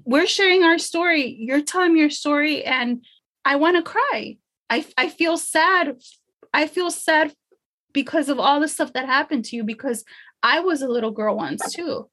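A woman's voice: high voice, normal speed, a bit bright. A woman empowerment coach in a casual podcast conversation, speaking earnestly and emotionally from her faith.

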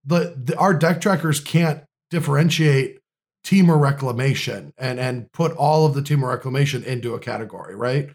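A man's voice: mid-range voice, normal speed, a little mellow. A man co-hosting a casual gaming podcast, explaining things eagerly with lots of fillers and restarts. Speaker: podcast co-host. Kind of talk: casual chat.

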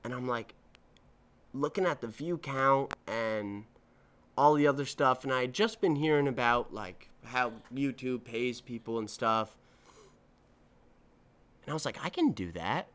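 A young man in his twenties talks alone into the mic as a podcast host, drifting from a rant into a childhood story. His voice is smooth and clear at an ordinary middle pitch. He swears freely and keeps restarting and correcting his sentences as he goes. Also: unhurried, pauses often, fairly bright tone. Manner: rambling, profane, self-correcting storytelling. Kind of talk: casual solo podcast monologue.

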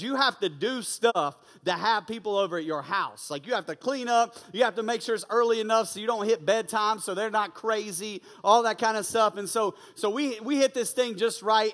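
Young man, high voice, energetic chatty preacher, long reverb of a big church hall. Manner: energetic, repeats "you know what I'm saying", many restarts. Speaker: youth pastor. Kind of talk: lively conversational sermon. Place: large church auditorium.

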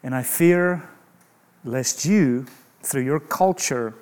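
A man's voice: medium pitch, slow, darkish tone, smooth. A man preaching a sermon in an emphatic way, asking rhetorical questions and adding humorous asides.

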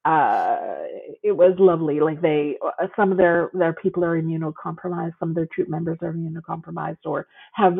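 A woman's voice: low voice, brisk, creaky, breathy edge. A woman guest author chatting casually and enthusiastically, gushing with lots of fillers, heard over a call. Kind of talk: casual chat. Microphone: phone call. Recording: tinny phone line.

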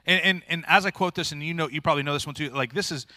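Male preacher, earnest, plain-spoken, bright forceful voice, dry close sound. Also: on the high side, racing, dry recording. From rural area. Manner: earnest, plain-spoken, informal with frequent restarts. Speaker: pastor. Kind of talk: sermon.

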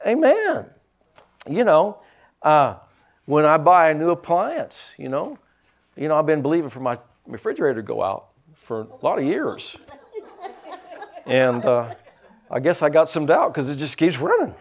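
A middle-aged man preaching a sermon, lively with teasing humor and asides. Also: fairly high pitch, normal speed, pauses often. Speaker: pastor.

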